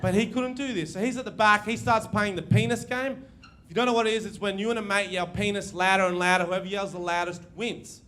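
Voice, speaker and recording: A young Australian man doing a crude, brash live stand-up routine, telling stories with quick asides. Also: high-pitched, fairly even intonation, fairly bright tone, a little hiss or hum. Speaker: stand-up comedian. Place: comedy venue stage.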